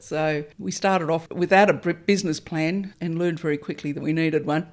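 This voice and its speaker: A woman's voice: low-pitched, fairly even intonation, moderate pace, hardly any pauses, a little mellow. A middle-aged Australian woman from Melbourne, a winemaker, answering interview questions in a chatty, self-deprecating way with small hesitations. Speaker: winemaker, guest.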